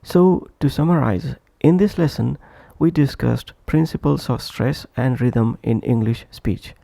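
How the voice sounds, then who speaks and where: A man narrating a scripted pronunciation lesson, slow and deliberate, repeating each example phrase for practice. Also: mid-range voice, vocal fry, mellow, no room sound. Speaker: English pronunciation teacher.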